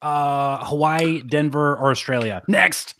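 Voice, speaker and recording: A man's voice: medium pitch, expressive, a bit bright, slight background noise. A man co-hosting a podcast in casual chat. He fires off short, dry answers and jokes with his co-hosts. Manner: quick, dry answers ending in "next". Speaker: podcast co-host.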